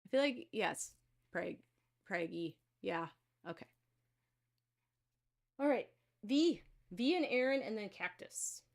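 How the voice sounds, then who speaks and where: A woman talks to her viewers during a live card-reading stream. Her delivery is loose and rambling, full of fillers and restarts, at an ordinary middle pitch for a woman. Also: lively intonation, slow, gravelly, pauses often, darkish tone. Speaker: intuitive card reader hosting a live stream.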